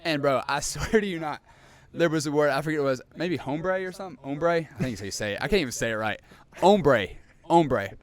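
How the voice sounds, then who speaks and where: A young man co-hosting a podcast, telling a story in a lively, animated way and acting out scenes. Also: fairly high pitch, racing, few pauses. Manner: animated storyteller, acts out scenes, laughs often. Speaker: podcast co-host. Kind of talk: casual chat, storytelling.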